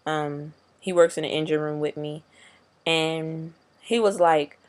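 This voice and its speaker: A man's voice: on the high side, fairly even intonation, unhurried. A young man vlogging casually, rambling in slangy, profane talk. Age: young adult. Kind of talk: casual video diary.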